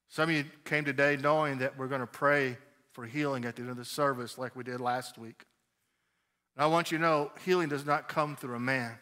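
A man preaching a sermon as pastor, telling stories with animated, emphatic delivery. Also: medium pitch, a little fast.

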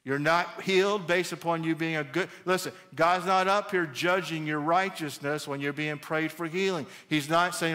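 Middle-aged man, pastor preaching, slightly higher voice, animated and talky, repeats lines for emphasis. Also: normal speed, hardly any pauses. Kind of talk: sermon.

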